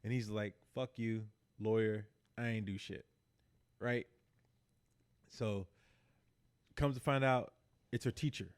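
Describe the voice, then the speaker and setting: A man co-hosting a podcast, excitedly retelling a TV episode in casual chat, acting out the characters and swearing freely. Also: lowish voice, slow pace, long pauses, clean tone. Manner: animated storyteller acting out characters, heavy swearing. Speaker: podcast co-host.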